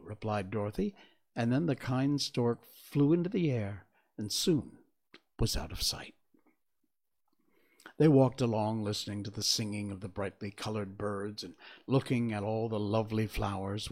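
A man narrating a children's storybook aloud in an expressive, storytelling manner. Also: lowish voice, unhurried. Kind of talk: audiobook narration.

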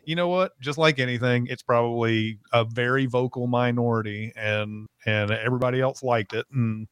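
A man's voice: medium pitch, steady tone, moderate pace, fairly bright tone, clean tone, dry recording, clean studio sound. A man co-hosting a podcast in casual chat, rambling and laughing often as he acts out his own reactions. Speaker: podcast co-host.

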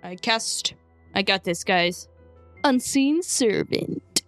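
A woman's voice: mid-range voice, lively intonation, slow pace, a bit bright, no room sound, soft background music. A woman playing a tabletop game in casual chat who is playful, joking and laughs often. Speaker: player.

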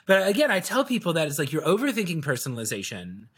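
A man in a relaxed podcast interview, his voice sitting a little high and swinging widely as he acts out little scenes of quoted dialogue. He tells his stories with a playful, chuckling energy. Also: fast, slightly rough. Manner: animated storyteller acting out quoted dialogue. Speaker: sales video coach, guest.

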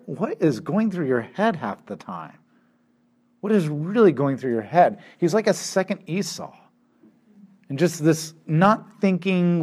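A man teaching through a Bible passage, retelling it with animated quoted voices and asides to his listeners. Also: fairly high pitch. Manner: animated storytelling, acting out quotes.

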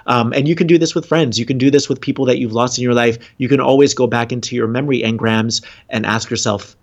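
A man's voice: medium pitch, steady tone, fast. A man talking earnestly about relationships and spirituality as a podcast guest, rambling and laughing often. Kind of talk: casual podcast conversation. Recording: dull lo-fi sound.

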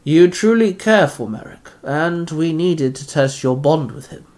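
A man voicing a scheming male Duke Orc monster who speaks in a slow, drawn-out, lordly way. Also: fairly high pitch, expressive, darkish tone. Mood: lofty.

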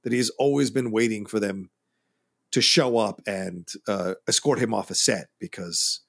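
A man co-hosting a casual film-discussion podcast, emphatic and quick to laugh along. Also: lowish voice, gravelly. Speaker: podcast co-host.

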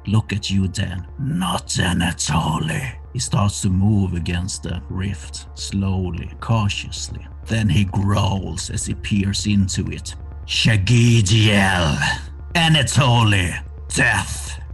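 A man running a horror tabletop game as game master, narrating slowly with small grammar slips. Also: level tone, darkish tone, faint music behind. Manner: slow, low and gravelly, with non-native grammar slips.

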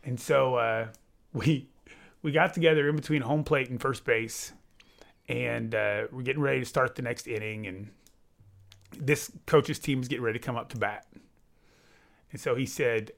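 A man telling a story as a baseball umpire in casual talk, loud and laughing at the punchlines. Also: medium pitch, normal speed, gravelly.

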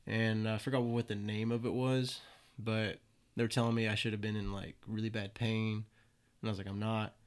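A man's voice: lowish voice, little pitch movement, normal speed, hardly any pauses, smooth. A man in his twenties telling casual stories, loose and profane, often laughing at his own tales. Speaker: guest. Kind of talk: casual storytelling.

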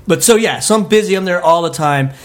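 Animated man telling a wild story. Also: high voice, fast. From Utah. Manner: animated, laughing, swears a lot. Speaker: comedy podcast guest telling a story. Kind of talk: casual storytelling.

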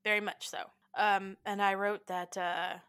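A woman's voice: mid-range voice, little pitch movement, a little slow, a bit bright, clean tone. A woman co-hosting a casual movie chat, talking freely and laughing often at herself. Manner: chatty, laughs often, self-deprecating. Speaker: podcast co-host.

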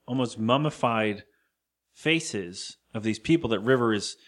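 A man co-hosting a podcast, recapping a film in loose, casual chat with quick quoted lines and some swearing. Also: lowish voice, lively intonation, a bit bright. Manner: loose and profane, retells scenes with quoted lines. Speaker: podcast co-host.

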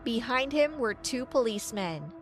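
A woman tells a first-person story in an earnest, dramatic way. Her voice sits high, with soft music playing underneath. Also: lively intonation, normal speed. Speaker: story narrator.

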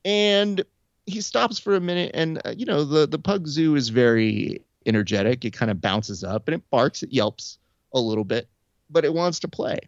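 A young adult man telling a story in casual chat, animated, acting out quoted lines with shifts in pitch. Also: moderate pace, dry recording, dull audio. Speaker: podcast host. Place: Burbank area.

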